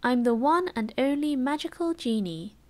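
A woman with a British English accent voicing a boastful big blue male genie spirit in a soft ASMR storybook reading, in whispered role-play. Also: high voice, lively intonation, normal speed. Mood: playful boasting. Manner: showy, teasing.

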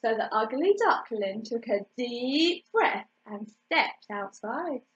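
A woman reading a children's picture book aloud in an expressive way, stopping to ask the listener questions. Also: a little high, slow pace. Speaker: storytime reader. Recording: dull lo-fi recording.

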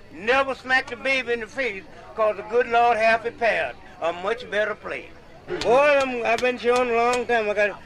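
A man's voice: very high voice, bright, forceful tone, low-quality recording. An older man, chuckling through a folksy comic tall tale at a medicine show, outdoors. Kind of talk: comic storytelling monologue.

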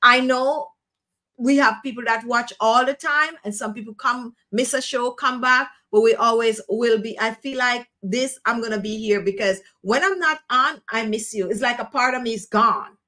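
In a relaxed live-stream chat, the Jamaican-accented host of a skincare show encourages viewers earnestly and repeats phrases for emphasis. Her voice is a little high and sharp, at a normal speed.

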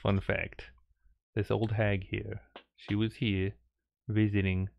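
A man streaming a game, telling a funny story in a playful, teasing, animated way. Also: fairly low pitch, slow pace, vocal fry, dull audio. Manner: playful, animated, teasing, keeps saying "girl". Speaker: gaming streamer. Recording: steady background noise.

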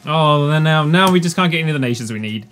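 A young man giving casual gameplay commentary, sarcastic and exasperated, breaking into excited yelps. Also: on the high side, fast talker, soft background music. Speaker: gaming YouTuber.

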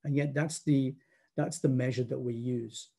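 A man giving a public lecture as a guest speaker, in a thoughtful, halting and earnest manner. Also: mid-range voice, steady tone, creaky, mellow, breathy edge.

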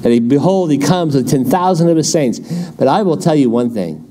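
A man's voice: on the high side, lively intonation, fairly quick, warm tone. A middle-aged man with a Californian accent, preaching a sermon as pastor, exhorting with folksy asides.

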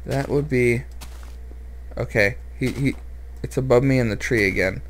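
A man's voice: medium pitch, normal speed, a little hiss or hum. A man commenting on his own game as he plays, rambling, joking and sounding a little nervous. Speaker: let's play host. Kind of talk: gameplay commentary.

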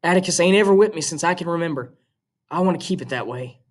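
A man's voice: on the high side, fast, voice pushed up, close to an everyday voice. A man doing a stubborn teenage boy, curt. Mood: patient.

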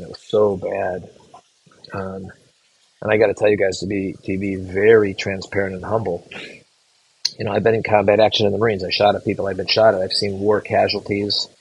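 A middle-aged man, a physician assistant educator, telling a case story to students in an earnest, halting way with restarted words. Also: low voice, flat delivery, gravelly, a little hiss or hum, poor audio.

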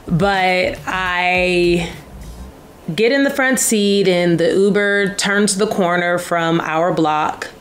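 A young woman telling a travel story to camera in a casual, animated way, acting out voices. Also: on the low side, a little hiss or hum. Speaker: travel vlogger.

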